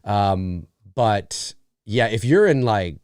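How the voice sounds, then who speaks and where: Animated Canadian man chatting live. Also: on the low side, takes it slowly, clear, resonant tone, dry recording, studio quality. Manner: animated, rambling, swears casually. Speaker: host. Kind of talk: live Q&A chat.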